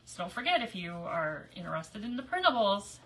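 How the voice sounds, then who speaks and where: A woman's voice: mid-range voice, big pitch swings, brisk, distant mic. Woman host, rambling crafting chatter, giggly, mic set back in a noisy room. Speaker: crafter hosting a live stream. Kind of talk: casual chat while crafting.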